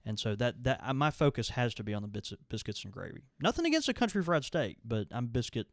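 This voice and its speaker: Southern guy cohosting a podcast, super lively voice going up and down, jokey, dry close mic. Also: mid-range voice, fast, no room sound. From American South. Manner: animated, playful, laughs often. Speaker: podcast co-host. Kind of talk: casual chat.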